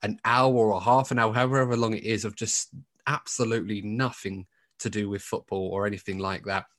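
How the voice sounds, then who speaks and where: A man's voice: lowish voice, fairly bright tone. A man co-hosting a podcast, chatting casually with many asides and restarts. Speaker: podcast co-host.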